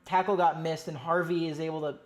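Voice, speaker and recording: Here a streaming fan calls a game play by play in a medium-pitched voice, talking fairly quickly. Their amateur commentary jumps from loud, pleading outbursts to quiet mutters, with frequent swearing.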